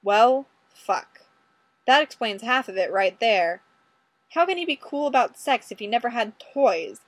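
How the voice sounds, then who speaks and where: A woman's voice: on the high side, lively intonation, measured pace, no room sound. Woman narrating wryly, dry close sound. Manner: wry, conversational. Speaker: audiobook reader. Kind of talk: first-person story narration.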